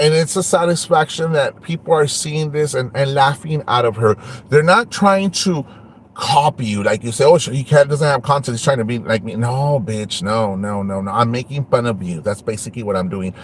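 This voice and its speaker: A man's voice: medium pitch, moderate pace, fairly bright tone, slight background noise. A man hosting an online show, ranting and taunting a rival, switching between English and Spanish. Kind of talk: ranting livestream talk.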